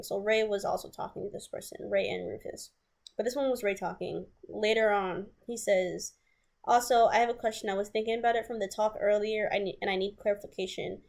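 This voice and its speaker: A woman's voice: mid-range voice, gravelly, a little mellow. A woman telling a storytime vlog in a casual, rambling way, reading old messages aloud with restarts and blunt asides. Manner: blunt and casual, swears freely. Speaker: vlogger.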